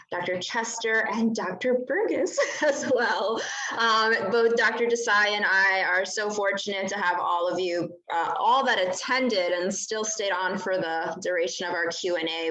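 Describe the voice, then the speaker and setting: A woman's voice: fairly low pitch, fairly bright tone, roomy sound, low-quality recording. A woman moderator giving closing thanks at an online symposium, in a gracious, friendly manner. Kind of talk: closing remarks.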